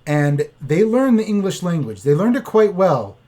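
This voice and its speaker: A man's voice: sits high, big pitch swings, moderate pace, mellow. A man co-hosting a podcast from a bedroom, chatting casually and joking. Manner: joking, laughs often. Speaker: podcast co-host. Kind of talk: casual chat. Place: child's bedroom.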